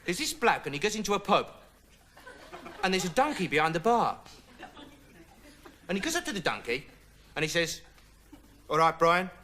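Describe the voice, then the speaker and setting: A man's voice: sits high, sing-song, moderate pace, pauses often, pushed and bright, slight background noise, heavily acted. An actor playing a dim, rambling young male investigator, speaking earnestly through pointless asides in a studio comedy monologue. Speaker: comic character monologue.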